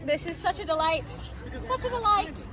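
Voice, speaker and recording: A woman giving a playful mock acceptance speech, rushing through her thanks. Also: extremely high pitch, expressive, bright, forceful tone, some chatter behind.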